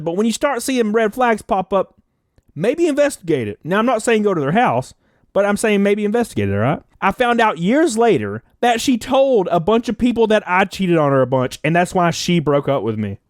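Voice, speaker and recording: A man's voice: sits high, a little fast, no echo, clean studio sound. A young man telling relationship stories in a casual, profane and jokey way on a live stream. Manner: animated, profane, jokey storytelling. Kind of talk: casual storytelling to camera.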